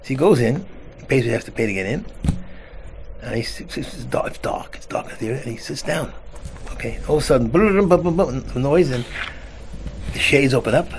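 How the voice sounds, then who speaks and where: Brief: male rabbi storyteller, rough gravelly tone, animated delivery, noisy background. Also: medium pitch, a little fast. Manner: animated storyteller, acts out voices. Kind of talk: storytelling talk with a parable. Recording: noisy recording.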